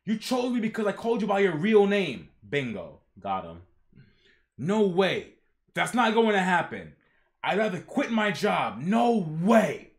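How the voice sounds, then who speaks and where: A man's voice: sits high, measured pace. A young man streaming a live reaction, reading comic dialogue aloud with slangy asides and doing the characters' lines. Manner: animated, slangy, reads character lines in voices.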